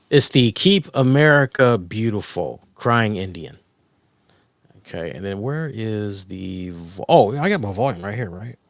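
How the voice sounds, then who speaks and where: Excitable rambling man, dry close sound. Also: sits low, no room sound. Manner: rambling, excitable, profane storytelling. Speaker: podcast co-host. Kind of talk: casual chat.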